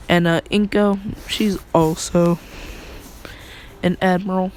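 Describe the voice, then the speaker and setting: Male storyteller, casual and rambling; slow, unhurried delivery with a slight fry. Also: fairly high pitch, a little hiss or hum, poor audio. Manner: rambling, filler-heavy, offhand asides. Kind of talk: casual spoken fan story.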